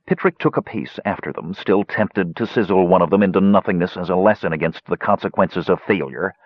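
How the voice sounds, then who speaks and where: A man narrating a fantasy audiobook in an expressive storytelling manner. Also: low-pitched, no room sound, dull audio.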